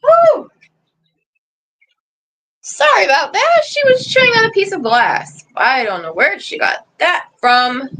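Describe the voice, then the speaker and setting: A woman's voice: sits high, sing-song, moderate pace, hardly any pauses, bright, forceful tone, low-quality recording. A woman hosting a casual livestream, rambling chattily and breaking off to scold or coo at her dog outdoors. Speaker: livestream host. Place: outdoors in a yard.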